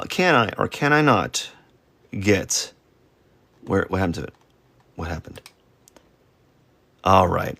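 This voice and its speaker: With a deep voice, vocal fry and a fairly bright tone, a man chats loosely through a live drawing session. He meanders and mocks his own work while he sketches, adding silly sound effects.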